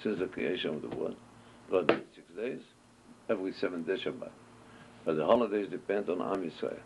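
Deep-voiced man teaching a Torah class. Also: animated, brisk, creaky. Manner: asks questions and answers them, storytelling. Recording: dull lo-fi recording with faint noise.

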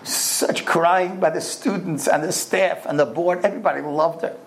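Man, storytelling sermon, animated, fairly high voice. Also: moderate pace. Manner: animated storyteller, rising high on quoted verses. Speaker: speaker giving a Torah talk.

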